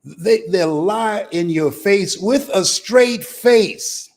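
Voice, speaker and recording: This older motivational speaker talks very slowly in a high-sitting voice with a darkish tone. Speaking live, he preaches emphatically, circles back to the same phrases, and laughs heartily.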